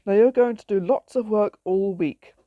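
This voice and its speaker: A woman voicing a strict, angry farmer father who shouts orders, in a read-aloud story. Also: medium pitch, moderate pace, dry recording, phone-quality sound, lightly acted.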